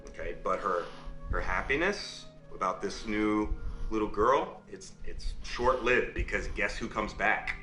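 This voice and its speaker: A man acting a father in a game, telling a fairy tale as a bedtime story with quick asides to his listener. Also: lowish voice, sharp tone, echoey room, faint music behind, low-quality recording.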